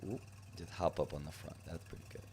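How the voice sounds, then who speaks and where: A man's voice: low voice, fairly even intonation, brisk, a little mellow, a little hiss or hum. A man casually commentating his own gameplay on a live stream, playfully teasing his chat. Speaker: gaming streamer.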